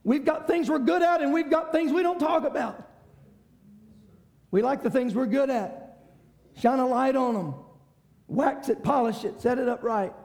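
High-voiced preacher, impassioned. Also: male voice, normal speed, vocal fry, long pauses. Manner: impassioned, swings from shouting to hushed. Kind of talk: sermon.

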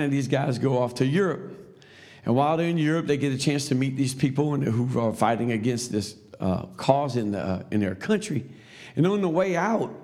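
A man's voice: medium pitch, darkish tone. A man teaching a Sunday school class, telling a story in a loose, conversational preaching style with asides to the class.

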